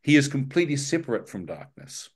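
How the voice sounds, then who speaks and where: A man of middle pitch recounting his own story before a congregation. He tells it with animation and wry, self-deprecating jokes, acting out his own thoughts as he goes. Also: fairly quick, slightly rough. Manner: vivid, animated storytelling with self-mocking humor. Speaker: guest speaker sharing his testimony. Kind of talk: testimony told to a live church audience.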